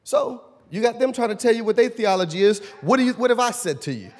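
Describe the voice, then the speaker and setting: A man pastor preaching a sermon, swinging between loud shouted lines and low quiet asides. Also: big pitch swings, fast talker. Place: church sanctuary. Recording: long reverb in a large church hall.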